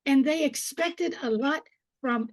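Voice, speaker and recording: An older woman telling lively stories as an alumna panelist on a video call. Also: high voice, unhurried, no room sound. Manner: lively, animated storyteller.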